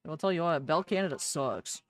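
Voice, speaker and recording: A woman's voice: low voice, a little fast. Woman hosting a card-break stream, easygoing and jokey, calling out viewers by name. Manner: greets viewers by name and jokes with chat. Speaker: livestream host opening trading card packs. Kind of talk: casual livestream chat.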